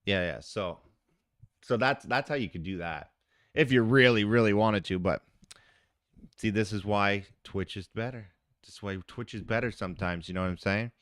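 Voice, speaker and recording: A man's voice: lowish voice, normal speed, a bit bright, no room sound, studio quality. A man live-streaming from his phone in a casual, chatty way, talking to the viewers in the chat. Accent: Canadian English.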